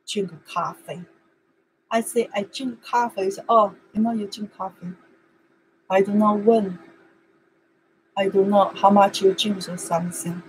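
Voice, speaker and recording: A woman's voice: mid-range voice, fairly even intonation, measured pace, long pauses, slight background noise, poor audio. A woman whose first language is Chinese, teaching an online language lesson in simple, broken English and repeating words over and over for practice.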